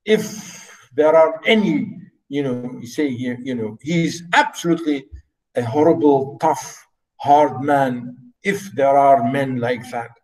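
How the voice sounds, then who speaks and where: A man with Arabic as his first language teaching a literature class, explaining slowly and repeating and paraphrasing each line. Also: mid-range voice, a little mellow, recorded from a distance, poor audio. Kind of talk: classroom lecture.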